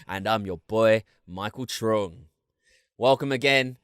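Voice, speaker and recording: Brief: young man, low voice, jokey slang-heavy podcast co-host, dry close sound. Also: takes it slowly, fairly bright tone, smooth, no echo. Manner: joking, lots of slang and restarts. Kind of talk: casual chat. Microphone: video call.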